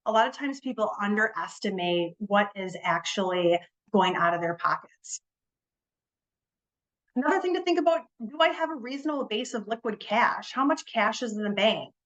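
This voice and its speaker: A woman who works as a financial advisor, giving a relaxed webinar presentation, explaining with frequent ums and repeated words and leaning on the key words. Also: medium pitch, moderate pace, dull audio. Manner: leans on key words for emphasis.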